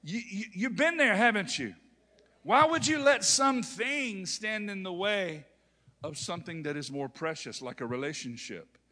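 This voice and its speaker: A man, preaching a sermon to a congregation, calling out to the crowd and building to shouted peaks. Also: sits high, animated, normal speed. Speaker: pastor. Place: church sanctuary with congregation. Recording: long hall reverb.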